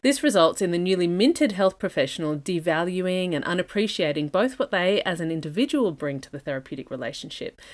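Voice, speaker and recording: A woman, a dietitian hosting an educational podcast, reading a scripted lesson in a measured, methodical way that moves through points in lists. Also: on the low side. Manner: measured, methodical, list-like delivery.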